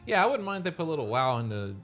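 A man's voice: on the high side, big pitch swings, very fast, fairly bright tone, faint music behind. A man hosting a casual gaming podcast, rambling and laughing often. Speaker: podcast host. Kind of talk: casual chat.

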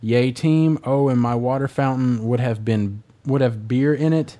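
A man's voice: medium pitch, measured pace, mellow. A man hosting a casual gaming podcast, reading listener emails aloud in a laid-back way, with hesitant fillers and blunt swearing.

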